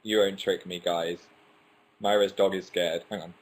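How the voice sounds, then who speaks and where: At normal speed and in a low, level voice, a young livestream host chats via webcam and reads comments from his viewers. He mocks himself and now and then trips over what he's saying.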